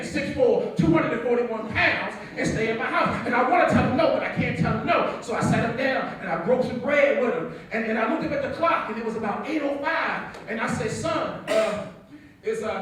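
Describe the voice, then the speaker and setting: A man performs a stage comedy monologue as a strict, wry father of a grown son, telling it deadpan and teasing. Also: very high-pitched. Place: theatre stage. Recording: echoey hall from far off.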